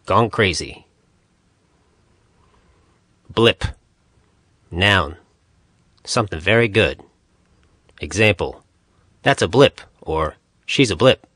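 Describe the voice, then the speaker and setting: Very slow, low-voiced male narrator. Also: a bit bright, dry recording, studio quality. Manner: reads dictionary entries in short, measured phrases. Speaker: audiobook narrator. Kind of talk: scripted audiobook narration.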